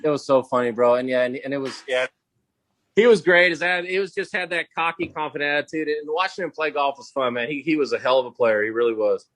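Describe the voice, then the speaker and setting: A man's voice: medium pitch, fast talker, a bit bright, dry recording. A man who plays golf professionally, telling a story as a podcast guest in a laid-back, casual way, full of "dude" and "bro". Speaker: podcast guest, pro golfer.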